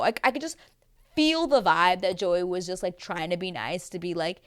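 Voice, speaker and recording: A woman's voice: lowish voice, moderate pace, clean tone, dry recording, clean studio sound. A woman recapping a reality dating show in a casual, gossipy way, talking bluntly, swearing freely and mimicking the cast.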